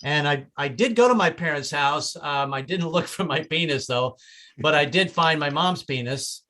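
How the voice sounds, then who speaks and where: A man doing an open mic stand-up set, stammering and repeating words, often breaking into loud voices for his relatives. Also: fairly high pitch, moderate pace. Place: small comedy club with audience.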